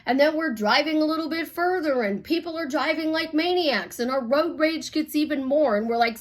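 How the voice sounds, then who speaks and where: High-voiced blunt woman life coach. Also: normal speed, hardly any pauses. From Chicago. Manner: blunt, animated storytelling with swearing. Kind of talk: casual monologue.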